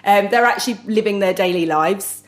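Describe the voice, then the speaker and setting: A woman's voice: mid-range voice, fairly quick. A woman, a hair colourist guest in an interview, talking casually with many fillers and easy laughter.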